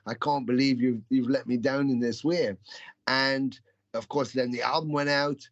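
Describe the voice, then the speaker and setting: A man's voice: mid-range voice, steady tone, moderate pace. A man in his fifties, a musician being interviewed over a video call, telling stories in a rambling way with many restarts. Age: 50s. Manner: rambling, storytelling, frequent restarts. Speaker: musician guest. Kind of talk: casual interview chat. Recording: slightly dull video-call audio.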